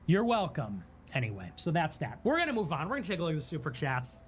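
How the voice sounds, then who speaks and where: High-voiced, animated, indignant male host. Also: quick pace, a little hiss or hum. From Chicago. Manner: indignant and sarcastic, rising to defiant outbursts. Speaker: political livestream host. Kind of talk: impassioned political monologue.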